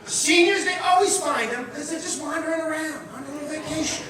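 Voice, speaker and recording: Brash middle-aged comic doing profane stand-up; very high voice, booming echo, mic far off, audience audible. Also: male voice, fast, crowd noise. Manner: brash and profane, breaking into shouts. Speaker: stand-up comedian. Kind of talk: stand-up comedy set. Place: comedy show venue. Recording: echoey room, distant mic, audience.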